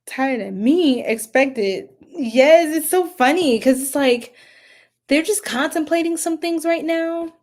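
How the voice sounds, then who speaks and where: A woman's voice: high voice, takes it slowly, darkish tone. A young woman giving a casual live tarot reading, chatty and giggly, talking to viewers in the chat. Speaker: tarot reader.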